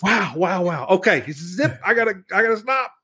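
Man, high and lively, husky, preaching with enthusiasm. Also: moderate pace, slight background noise. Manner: enthusiastic, exclamatory. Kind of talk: excited preaching in a Bible discussion.

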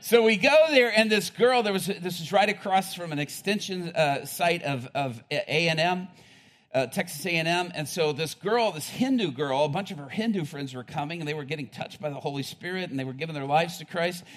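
A man preaching a sermon, telling a story with rising excitement, laughing often and building to loud peaks. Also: a little high, brisk.

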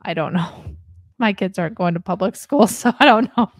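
A woman in her thirties co-hosts a casual podcast chat, earnest and rambling, quick to laugh. Her voice sits at an everyday middle pitch. The sound is close and dry, with no room around it. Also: no echo. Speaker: podcast co-host.

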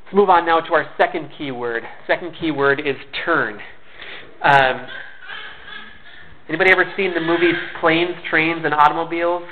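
A man delivers a sermon in a slightly high voice, earnest and conversational, now and then stumbling over and repeating a word. The recording is thin and narrow, like a phone line. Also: moderate pace, slight background noise. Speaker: pastor. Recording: tinny phone-like sound.

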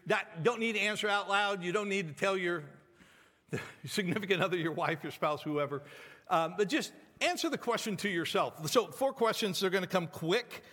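Pastor guy preaching, pretty high voice, kinda pleading and chatty, big reverby church sound. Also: normal speed, pushed and bright. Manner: conversational, pleading, repeats words and restarts. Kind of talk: sermon. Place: church sanctuary.

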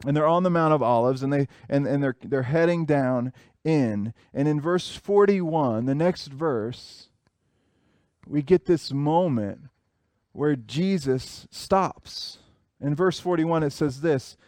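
A man's voice: a little high, takes it slowly, darkish tone, dry recording. A man in his thirties preaching a sermon, earnest and repeating phrases for emphasis. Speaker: pastor.

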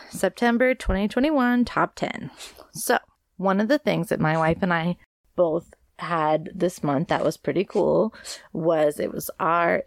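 Congested woman podcaster, low gravelly voice. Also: no room sound. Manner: chatty, rambling, upbeat. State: congested from allergies. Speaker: podcast host. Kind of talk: casual solo podcast chat.

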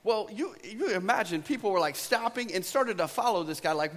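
High-voiced male pastor in a reverberant hall. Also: animated, a little fast, a bit bright. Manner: conversational storytelling preacher, asks "right?" often. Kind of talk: sermon.

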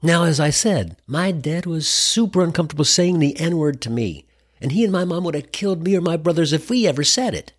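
A man's voice: a little high, animated, fairly quick, breathy edge. A man in his sixties from the US Midwest, telling a wry, irreverent comedic story in a conversational way. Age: 60s.

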